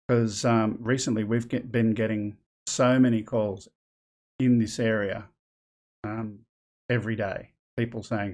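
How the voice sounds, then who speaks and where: A man's voice: lowish voice, flat delivery, a little slow, a little mellow. Rambling man hosting a live stream. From Australia. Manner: rambling, thinking aloud. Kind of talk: casual live stream chat.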